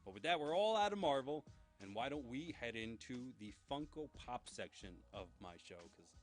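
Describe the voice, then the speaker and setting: A man's voice: medium pitch, sing-song, moderate pace, soft background music. Chatty enthusiastic male host. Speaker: host of a pop culture news show. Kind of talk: casual solo show.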